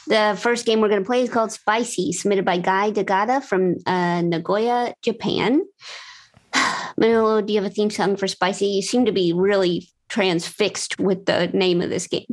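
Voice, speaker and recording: A woman hosting a comedy podcast game show, chatting with callers in a playful, quick, giggly way. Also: medium pitch, steady tone. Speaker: podcast host. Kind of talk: casual comedic chat.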